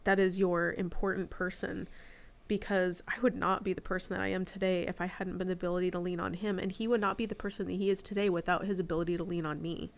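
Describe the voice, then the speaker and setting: A woman's voice: fairly low pitch, level tone, fast talker. Candid woman in her forties, reflective. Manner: candid, reflective personal storytelling. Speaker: podcast guest. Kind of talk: casual podcast chat.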